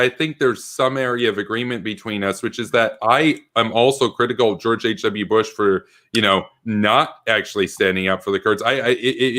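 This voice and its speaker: A man's voice: fairly low pitch, fairly bright tone. A man hosting an online political debate, arguing emphatically and often stuttering as he restarts sentences.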